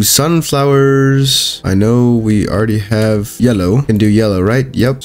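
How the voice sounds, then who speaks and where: A young man giving casual, upbeat commentary while playing a video game, thinking aloud with quick exclamations. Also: fairly low pitch, a little mellow. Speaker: gaming YouTuber.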